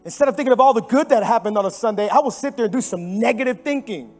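High-voiced, animated man preaching a sermon. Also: fast talker, soft background music. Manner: animated storytelling with sudden drops to hushed tones; emphatic and repetitive for stress. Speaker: pastor. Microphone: microphone.

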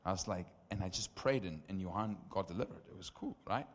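A young man preaching a testimony sermon, telling stories with lively acted-out dialogue. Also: deep voice, a little fast. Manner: animated, acts out dialogue in stories. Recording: long reverb of a hall.

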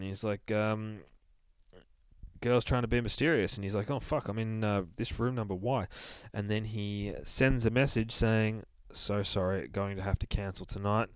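A man's voice: on the low side, clear, resonant tone, no echo. A man casually recapping a horror comic, swearing constantly and acting out the characters' lines. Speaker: comic book podcast host.

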